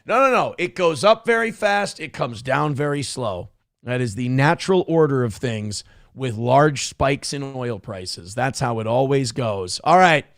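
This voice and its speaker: A man's voice: medium pitch, animated, unhurried, gravelly, dry recording. A man hosting a show, giving sarcastic, profane political commentary in a ranting way on a close mic. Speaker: show host.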